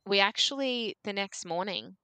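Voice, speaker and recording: A woman's voice: mid-range voice, animated, moderate pace, pushed and bright, clean tone, dry recording. A young Australian woman in her twenties, a podcast guest telling a story casually, peppering her talk with "like" and acting out what people said. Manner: chatty, full of "like", acts out dialogue.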